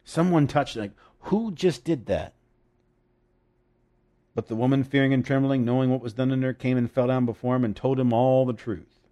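A man preaching a sermon, animated and emphatic, with laughing asides and dramatic emphasis. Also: mid-range voice, normal speed.

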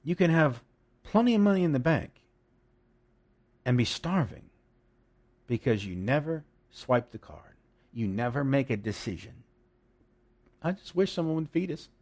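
A man's voice: medium pitch, very animated, unhurried, long pauses, a little mellow. A man preaching a sermon, reading scripture and explaining it emphatically, with jokes and asides.

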